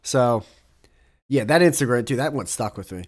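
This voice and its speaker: A man's voice: mid-range voice, animated, normal speed. A young man hosting his own podcast alone, talking casually in a rambling, profane way that keeps breaking off into asides. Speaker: podcast host. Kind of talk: casual solo podcast monologue.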